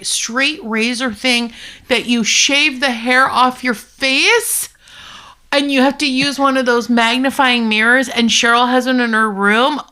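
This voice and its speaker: A woman's voice: on the high side, pushed and bright. A woman co-hosting a podcast in casual chat, jokey and teasing, laughing often. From United States. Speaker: podcast co-host.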